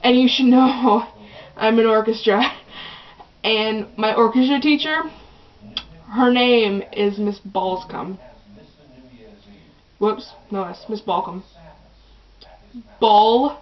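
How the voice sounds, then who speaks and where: A woman's voice: fairly high pitch, slow pace, long pauses, highs cut off. A young teenage girl telling a rambling, chatty story for her vlog, often restarting her sentences. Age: early teens. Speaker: vlogger.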